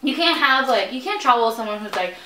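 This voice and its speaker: A woman's voice: on the high side, animated, fast talker, crowd noise. A young adult woman hosting a vlog, chatting casually while eating, telling stories with acted-out quotes and frequent laughter. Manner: chatty storyteller, acts out quotes, laughs often. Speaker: vlog host. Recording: echoey room.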